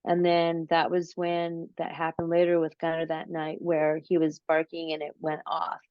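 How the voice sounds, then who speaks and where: This is a lower-pitched woman, recorded dry and close with dull, lo-fi sound. She talks slowly and casually, drawing out her story with plenty of "um"s and restarts. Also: monotone, dry recording. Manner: slow, drawn-out storytelling with many fillers. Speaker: interview guest, paranormal researcher. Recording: dull lo-fi audio.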